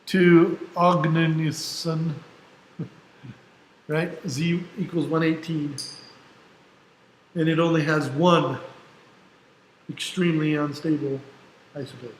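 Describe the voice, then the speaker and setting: A man's voice: fairly high pitch, fairly even intonation, slow, pauses often. A male teacher giving a casual classroom lecture, explaining step by step and often checking in with "right?". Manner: casual, self-deprecating asides. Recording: echoey room, faint background noise.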